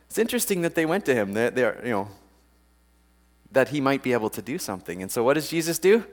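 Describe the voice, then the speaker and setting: Animated man preaching a casual sermon. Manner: chatty, laughs often, acts out quotes with big pitch jumps.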